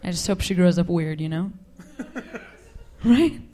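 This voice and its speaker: A young woman doing a stand-up comedy set on a club stage, wry and deadpan with quick asides. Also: lowish voice. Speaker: stand-up comic.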